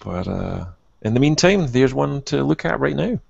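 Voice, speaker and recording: A man's voice: mid-range voice, sing-song, vocal fry, breathy edge, no room sound, lo-fi sound. A man co-hosting a casual hobby podcast, chatting eagerly and praising what he sees. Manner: enthusiastic, quick to praise. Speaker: podcast co-host.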